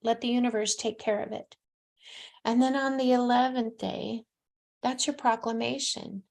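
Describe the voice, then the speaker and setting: A woman in her sixties talks as a psychic show host, her voice sitting a little high. She speaks with emphatic conviction, then drops into soft, hushed near-whispers while giving heartfelt advice. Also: steady tone, normal speed, gravelly. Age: 60s. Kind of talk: casual call-in advice talk.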